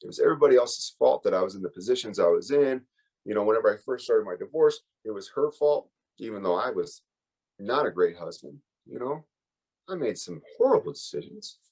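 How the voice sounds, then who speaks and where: A man speaks at a recovery workshop, sharing his own story openly. His voice sits a little low, and he talks in a loose, rambling way with plenty of fillers. The feeling stays close to the surface. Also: animated, a little fast, darkish tone, husky, low-quality recording. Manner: candid, emotional, rambling with fillers. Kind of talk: personal recovery share.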